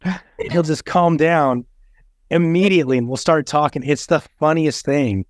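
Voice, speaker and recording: A man's voice: fairly high pitch, normal speed, no room sound, studio quality. A man in his thirties hosting a podcast, chatting casually and bluntly, swearing freely as he tells stories. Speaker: podcast host. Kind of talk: casual chat.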